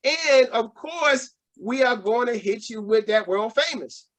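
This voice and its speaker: A man's voice: very high-pitched, expressive, measured pace, fairly bright tone. Hyped-up man hosting a sports podcast. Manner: hyped and joking, laughs often. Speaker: podcast host. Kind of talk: casual sports podcast chat.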